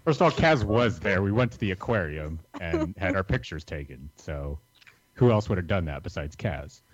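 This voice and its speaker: A very deep-voiced male podcast guest chimes in with dry, matter-of-fact remarks. The mic is dull and dry. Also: animated, moderate pace, dry recording. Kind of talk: casual chat.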